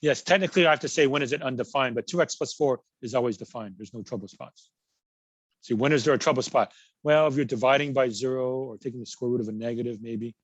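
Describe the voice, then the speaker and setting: Speaking quickly at medium pitch on a dry recording, a man teaches college math. This recorded lecture has the instructor patiently working examples and repeating important words.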